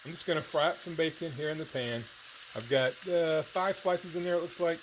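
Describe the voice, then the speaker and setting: A man's voice: on the high side, brisk, a little hiss or hum. A man hosting a casual how-to cooking vlog in his home kitchen, talking in a folksy, chatty way and sometimes eating as he speaks. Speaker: diet vlogger.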